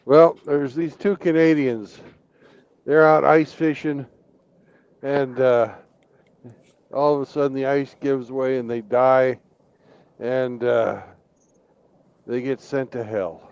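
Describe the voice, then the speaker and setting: Man in his 50s, casual host, swears, mid pitch, dull lo-fi audio. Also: fairly even intonation, slow pace, pauses often, darkish tone, clean tone, dry recording. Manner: casual storyteller, swears, lots of uh fillers. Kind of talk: casual live-stream chat.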